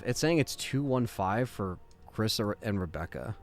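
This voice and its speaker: A man chatting casually while streaming a game live, excitable and quick to swear. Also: on the low side, faint music behind. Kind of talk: casual live gameplay chat.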